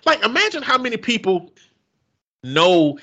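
A man with a bright, forceful, slightly high voice spins wry, joking stories in casual chat, building each one with dramatic flair. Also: big pitch swings, a little slow. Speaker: podcast co-host.

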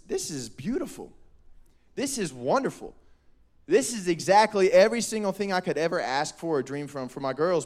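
A young man, preaching a lively, joking youth sermon. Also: high voice. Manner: animated, joking, quotes people in voices. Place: church hall.

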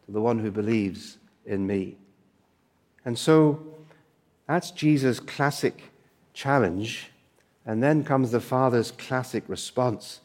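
A man's voice: medium pitch, darkish tone. A male preacher giving a sermon, emphatic and fond of rhetorical questions and asides.

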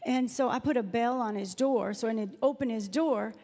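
A woman's voice: a little high, normal speed, warm tone. A middle-aged woman, preaching a chatty sermon full of personal stories and Bible readings. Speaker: guest speaker at a church Mother's Day service. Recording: reverberant hall sound.

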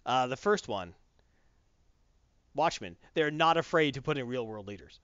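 A man casually recapping a comic story to a friend, rambling and animated, with many restarts. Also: medium pitch, normal speed, dry recording, muffled recording. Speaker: comic book discussion cohost. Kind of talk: casual recap with acted quotes.

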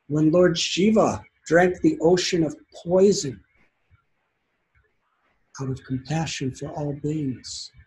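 Male preacher, slightly high voice, very slow, earnest storytelling sermon. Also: a little mellow, husky, poor audio. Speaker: spiritual teacher.

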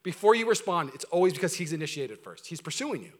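A man preaching a sermon to his church, talking in an energetic, conversational way with humor, swinging between loud emphasis and quiet intensity. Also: a little high, fast talker. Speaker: pastor. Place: church service before a congregation.

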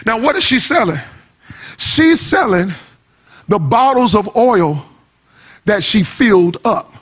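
A man preaching a sermon in a strikingly high, bright, husky voice. He moves between a quick spoken delivery and a chanted cadence that builds into shouts. His phrasing stays loose and vernacular throughout. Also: big pitch swings. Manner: preaching in a rising sing-song cadence, shouting at peaks; uses casual vernacular speech. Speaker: pastor.

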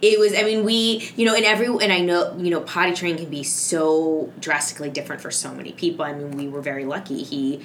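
A woman's voice: sits low, steady tone, fast, few pauses, fairly bright tone, slight background noise. Chatty mother rambling with fillers. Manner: rambling, many fillers and restarts. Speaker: mother of two. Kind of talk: casual parenting chat.

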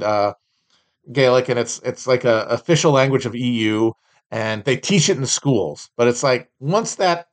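A man hosting a solo podcast, reading out trading cards and mocking them with sardonic, profane, rambling asides. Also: mid-range voice. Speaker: podcast host.

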